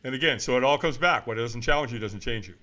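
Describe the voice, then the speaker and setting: A man's voice: mid-range voice, fast talker, pushed and bright. A man in his seventies, a guest on an interview, talking in an emphatic, blunt, motivational way. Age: 70s. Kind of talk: casual interview talk.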